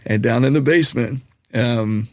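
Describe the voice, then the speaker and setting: A man's voice: medium pitch, normal speed, no room sound. A man with a Southern US accent, a comedian and musician, telling rambling, self-deprecating stories with lots of fillers in casual chat. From Colorado. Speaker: podcast guest, comedian and musician.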